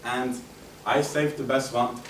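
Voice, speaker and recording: A man gives a humorous prepared speech, chatty and animated as he tells his stories. His voice sits at an ordinary pitch for a man. It comes from some distance across an echoey room, with a faint hum behind. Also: unhurried. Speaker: club speaker. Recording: roomy echo, distant mic, faint hum.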